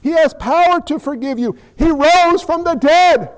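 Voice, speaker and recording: Middle-aged pastor guy preaching, really high voice, jokes and acts out bits. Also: moderate pace, rough recording. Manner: animated preaching with acted-out quotes and humor. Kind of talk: sermon.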